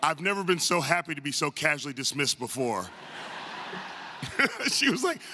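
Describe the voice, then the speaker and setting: A man from the northern United States, a guest speaker at a tribute event in a large arts center auditorium, gives a humorous anecdotal speech to a live crowd. He tells funny, self-deprecating stories with quick asides in a chatty, expressive way, his voice slightly high, bright and forceful. The stage microphone leaves a long hall reverb after each phrase, with slight background noise.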